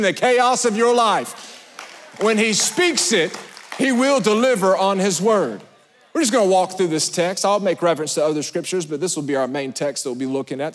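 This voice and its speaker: A man preaching a sermon as pastor, animated and storytelling, swinging between loud emphasis and hushed asides. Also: high voice. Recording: long hall reverb.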